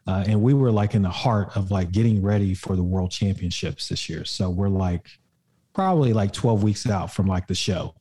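A man's voice: low voice, normal speed, mellow. A young adult man, a podcast guest and fitness coach, telling a personal story in a casual way, with lots of fillers and some swearing.

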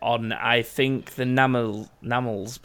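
A man's voice: medium pitch, steady tone, takes it slowly, fairly bright tone. A man hosting a podcast, reading out listener stories in a rambling, jokey way and swearing freely. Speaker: podcast host.

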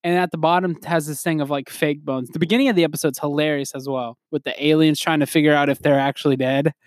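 A man's voice: a little high, steady tone, quick pace, no room sound, studio quality. A man hosting a podcast, rambling in casual chat, full of "like" fillers and chuckles. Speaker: podcast host.

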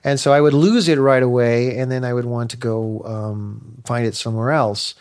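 A man's voice: medium pitch, fairly even intonation, normal speed, a little mellow. A man in an interview, telling frank personal stories in a loose, colloquial way. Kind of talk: candid personal storytelling.

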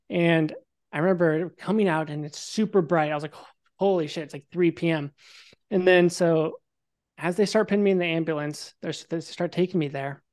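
A young man, a podcast guest, telling his story casually and vividly, swearing freely and acting out what people said. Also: sits high. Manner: animated, swears freely, acts out quotes.

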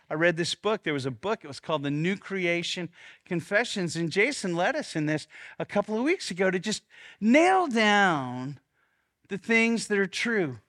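A man's voice: sits high, fairly bright tone. A man preaching a sermon as pastor, earnest, often repeating words as he restarts, and leading the congregation in spoken confessions.

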